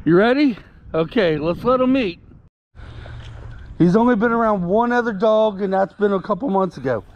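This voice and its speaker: A man's voice: high-pitched, lively intonation, normal speed, dull audio. A man vlogging casually while walking his puppy outdoors, rambling and repeating himself and talking soothingly to the dog. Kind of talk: casual chat to camera. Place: outdoors on a walk.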